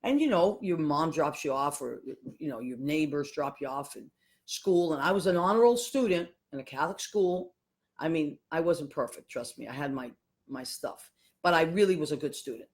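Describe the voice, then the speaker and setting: A woman, hosting a podcast and telling a family story in a casual, animated way, acting out the voices of the people in it. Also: sits low, moderate pace. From Boston, USA. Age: 50s. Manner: animated, acts out voices of people in her stories. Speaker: podcast host.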